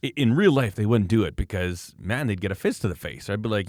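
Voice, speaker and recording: Man from canada, low voice, dry close sound, mocking rant, casual podcast chat. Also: fast, no echo. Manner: animated, mocking, ranting. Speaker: podcast host, knife maker.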